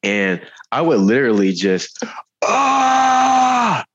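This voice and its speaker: A man talking candidly about his life as a guest, animated, laughing often, with lots of fillers and restarts. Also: fairly low pitch, unhurried, dull audio. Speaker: guest speaker. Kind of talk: candid conversational storytelling.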